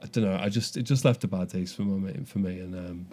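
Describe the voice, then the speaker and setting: A man's voice: low-pitched, fast talker, dark tone. A young man co-hosting a podcast, telling a story animatedly with frequent restarts. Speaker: podcast co-host. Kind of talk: casual chat.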